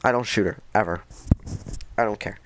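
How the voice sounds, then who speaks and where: A young man casually recapping a video game, energetic and rambling, with lots of swearing. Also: on the low side, moderate pace, slight background noise. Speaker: gaming video host.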